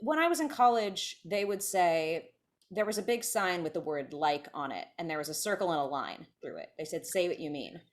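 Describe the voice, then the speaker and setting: A woman's voice: on the low side, expressive, moderate pace. A woman from California in her thirties, a podcast guest chatting casually and often restarting her sentences. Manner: chatty, self-interrupting, many restarts. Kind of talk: casual conversation.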